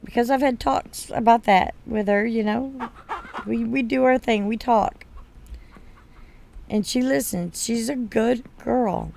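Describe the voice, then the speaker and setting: Woman streamer in her 30s, unhurried and gravelly; blunt, swears freely while chatting over a game. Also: a little high, darkish tone, a little hiss or hum. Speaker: gaming streamer. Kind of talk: casual storytelling over gameplay.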